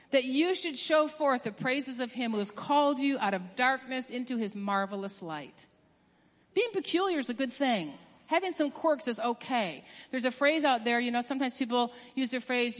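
A woman delivers a sermon with a high voice. She talks emphatically, racing through some phrases and slowing down hard on others for stress. Her voice rings with the long reverb of a large hall. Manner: emphatic, swings from quick bursts to drawn-out stresses. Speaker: preacher.

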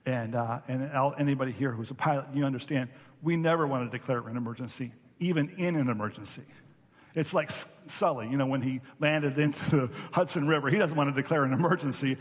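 A man's voice: mid-range voice, fast talker, slightly rough, in a large hall. A man preaching a sermon as pastor, telling stories animatedly and acting out voices.

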